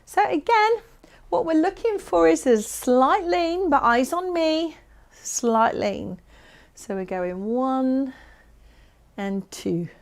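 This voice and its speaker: A woman's voice: high-pitched, lively intonation, slow pace. A woman leading a fitness class, giving upbeat, encouraging and playful instructions. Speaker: exercise instructor.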